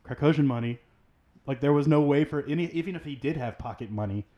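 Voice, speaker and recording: A man in a casual discussion, relaxed and explanatory, leaning on "like" as he talks. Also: fairly high pitch, fast talker, muffled recording. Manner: relaxed, explanatory, uses "like" often.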